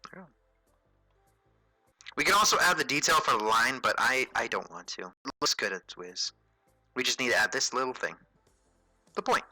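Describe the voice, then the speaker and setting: A man with a very bright, sharp-edged voice at an ordinary middle pitch walks viewers through a digital drawing in an easygoing livestream tutorial. He thinks aloud, dropping fillers and correcting himself as he goes. The sound is dry and close, with faint music underneath. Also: normal speed, long pauses, dry recording, low-quality recording. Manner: relaxed, chatty, thinks aloud with frequent fillers and self-corrections. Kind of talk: casual livestream tutorial, narrating while drawing.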